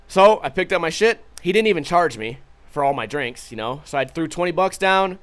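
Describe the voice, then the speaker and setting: A young man hosting a vlog and telling a story, swearing freely and animated, acting out the lines of the others. His speaking voice sits a bit high for a man. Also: brisk. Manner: profane, animated retelling with quoted voices. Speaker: vlog host. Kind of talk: casual storytelling.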